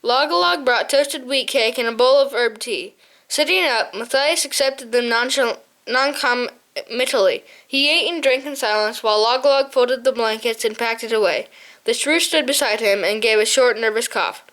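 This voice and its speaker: A woman reading a storybook aloud in a high, light voice. Her narration is steady, with the odd stumble she corrects and moves on from. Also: moderate pace. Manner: steady reading with small slips and self-corrections. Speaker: audiobook narrator. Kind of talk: scripted narration.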